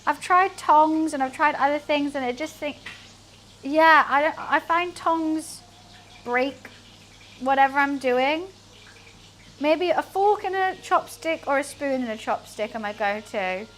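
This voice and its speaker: Her voice sits high and moves a little slowly, with a fairly bright tone. She's cooking at home on a livestream, talking casually to her chat and joking at her own expense, while food sizzles faintly in the pan behind her.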